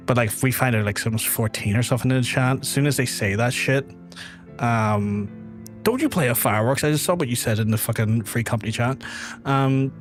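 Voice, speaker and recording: A young man in the middle of a game stream, talking loosely to his chat and swearing freely as he rambles from one thought to the next. His voice sits at an ordinary middle pitch, with faint game music playing underneath. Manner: rambling, profane, talks straight to chat.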